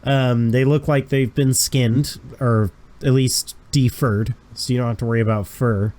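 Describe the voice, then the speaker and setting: A man's voice: medium pitch, steady tone, a little slow, darkish tone. Man narrating as game master. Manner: casual, descriptive, chuckling asides.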